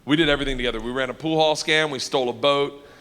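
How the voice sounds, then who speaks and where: A man telling an animated, rowdy stand-up story before a live audience, breaking into laughter and shouts. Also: medium pitch, racing. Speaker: stand-up comedian. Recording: long hall reverb with faint noise.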